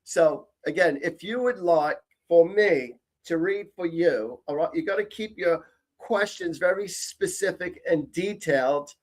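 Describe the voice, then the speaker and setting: A chatty, upbeat man from Canada hosts a psychic live stream and greets his viewers by name. His voice sits a little higher than most men's. He circles back and repeats himself as he talks. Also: measured pace. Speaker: psychic medium, show host.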